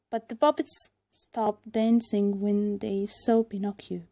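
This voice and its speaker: A woman reading a storybook aloud to learners, clear and deliberate. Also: a little high, little pitch movement, warm tone.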